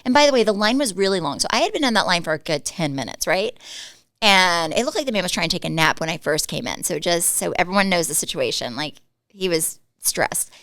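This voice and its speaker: There's no echo on this lowish female voice, a podcast co-host in her forties from Dallas, Texas. She spins casual stories chattily, laughing quickly and acting out what people said with animated quotes.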